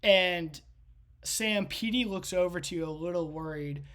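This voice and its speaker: A woman's voice: fairly low pitch, unhurried, a bit bright. A woman game master narrating a tabletop game with vivid, rambling storytelling. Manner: vivid storytelling with frequent restarts.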